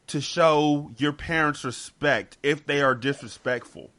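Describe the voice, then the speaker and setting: A man's voice: fairly high pitch, a little slow, fairly bright tone. A man hosting a casual podcast chat, talking emphatically and repeating words as he gets heated. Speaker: podcast host.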